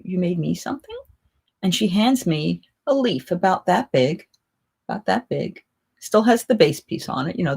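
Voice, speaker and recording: A woman's voice: on the low side, a little mellow, slightly rough. A middle-aged woman hosting a casual live chat, telling stories in a rambling, chatty way with many restarts. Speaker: live chat host, festival performer.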